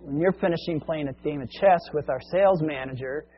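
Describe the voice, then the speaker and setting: A male preacher telling a long story as a sermon illustration, in a conversational, animated way, on a muffled lo-fi recording. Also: on the high side, brisk, a little hiss or hum.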